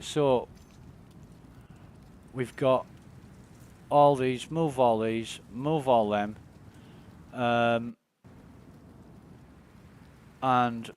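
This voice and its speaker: Over slight background noise, a man of medium pitch plays a video game and talks casually about what he's seeing. His commentary is laid-back and rambling, with occasional free swearing.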